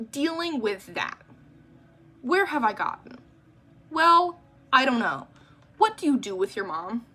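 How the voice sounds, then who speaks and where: A young adult woman giving an exasperated, animated rant in a casual vlog. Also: medium pitch. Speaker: vlogger. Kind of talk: ranting vlog monologue.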